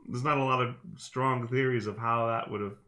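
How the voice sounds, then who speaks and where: A man's voice: mid-range voice, fairly even intonation, moderate pace, sharp tone. A man playing a tabletop game, chatting in a rambling way with many restarts and casual swearing. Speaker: player. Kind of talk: casual chat.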